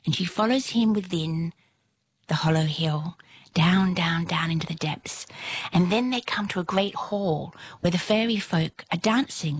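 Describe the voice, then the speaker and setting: A woman's voice: on the low side, husky. A woman telling a folktale aloud in a dramatic way, often dropping to a whisper for suspense. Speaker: storyteller. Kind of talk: oral folktale storytelling.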